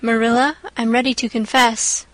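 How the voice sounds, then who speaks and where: A woman voicing an imaginative, dramatic young orphan girl who talks in breathless, earnest rushes. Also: a little high, little pitch movement, fairly bright tone, dry recording, close to an everyday voice, low-quality recording. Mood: confessing. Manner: breathless, pleading then earnest.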